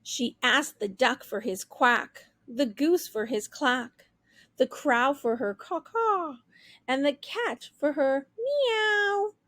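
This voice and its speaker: A woman teacher reading a children's book aloud with clear, expressive storytelling. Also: high-pitched, slow pace, dry recording. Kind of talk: children's read-aloud narration.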